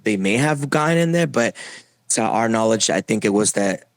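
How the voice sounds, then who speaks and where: Young adult man, low voice, halting speech with many fillers, dry close sound, podcast guest. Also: expressive, dry recording. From Puerto Rico. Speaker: interview guest. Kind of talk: personal testimony.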